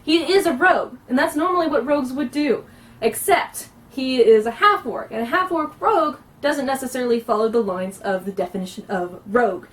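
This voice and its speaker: A woman explaining how to roleplay in an earnest, instructive way, pausing often. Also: sits high. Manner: earnest, instructive, with frequent pauses. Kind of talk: casual explanatory lesson. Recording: recorded from a distance.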